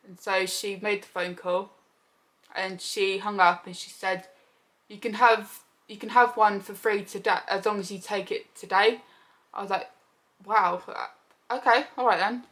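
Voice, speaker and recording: A woman's voice: mid-range voice, a little slow. A young woman chats through a personal story for her vlog. She talks casually and brings the tale to life by voicing the people in it. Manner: chatty, animated retelling with quoted voices. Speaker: vlogger.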